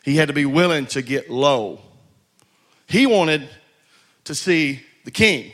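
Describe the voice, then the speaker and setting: High, forceful preacher. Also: male voice, lively intonation, takes it slowly. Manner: exhorting, repeats and stumbles over words, calls for responses. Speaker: pastor. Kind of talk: sermon.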